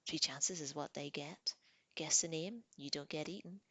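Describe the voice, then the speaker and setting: A woman voicing a small, sly, greedy male troll who giggles, repeats words in a sing-song way and talks in a breathy, whispery voice, as in an audiobook reading. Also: deep voice, moderate pace, pushed and bright, dry recording. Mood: gleeful.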